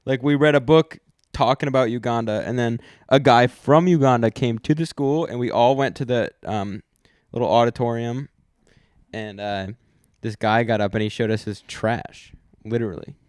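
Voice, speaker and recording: A man's voice: medium pitch, normal speed, darkish tone, clear, resonant tone, no echo, studio quality. A young man co-hosting a podcast, rambling and joking in casual chat, often trailing off and restarting. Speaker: podcast co-host.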